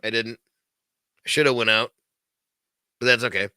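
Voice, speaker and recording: A man hosts his own podcast late at night, delivering a casual rant. His voice is bright and pushed forward, and the sound is dry and close. He talks in a heated, profane way and rambles as he goes. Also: mid-range voice, steady tone, moderate pace, clean tone, no room sound. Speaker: podcast host.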